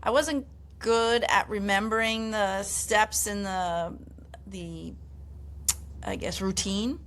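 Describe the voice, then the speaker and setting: An older woman who teaches high school business, chatting casually as a guest. She is encouraging and laughs along. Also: takes it slowly, fairly bright tone. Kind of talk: casual chat.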